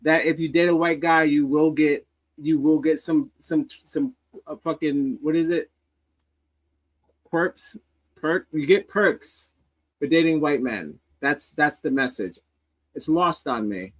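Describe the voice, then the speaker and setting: A man's voice: on the high side, poor audio. A man hosting a casual commentary stream, reacting to social media clips in a rambling, sardonic way with many restarts.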